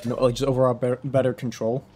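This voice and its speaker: A man's voice: medium pitch, level tone, quick pace, a little mellow. A young man chatting casually while live-streaming a game, rambling, restarting his sentences and laughing often.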